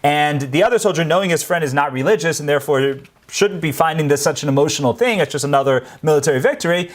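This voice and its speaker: Male presenter, slightly higher-pitched voice, earnest off-the-cuff history storyteller. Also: animated, fast talker. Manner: earnest storytelling, grows emphatic on key points. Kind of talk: unscripted history talk.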